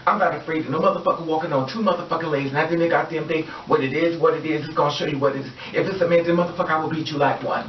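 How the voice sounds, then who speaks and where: A woman's voice: low-pitched, fairly even intonation, very fast, few pauses, slight background noise. A woman vlogger ranting in a heated, profane and emphatic way. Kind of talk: personal vlog rant. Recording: echoey, distant, dull-sounding room recording.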